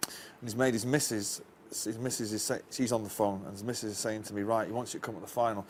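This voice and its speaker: A man's voice: fairly low pitch, fairly even intonation, fast talker, slight background noise. A man with a Northern English accent, a guest casually telling a long anecdote, rambling and restarting his lines. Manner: rambling storyteller, chuckles often, restarts lines. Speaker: interview guest.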